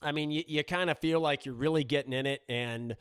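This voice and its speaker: A middle-aged man hosting a podcast, telling a story in a relaxed, chatty way with frequent restarts. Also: on the high side, brisk, smooth, no room sound. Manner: relaxed, conversational, frequent restarts and "you know". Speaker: podcast host. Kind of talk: storytelling in casual chat.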